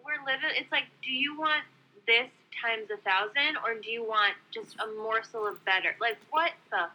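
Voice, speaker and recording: A woman's voice: a little high, moderate pace, highs cut off. A woman from New York in casual chat, blunt, profane and exasperated.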